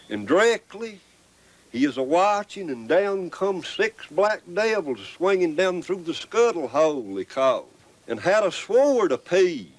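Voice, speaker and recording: A man with an Appalachian accent telling a folk tale in a rambling, folksy way, full of old dialect forms. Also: high voice. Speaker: folk storyteller.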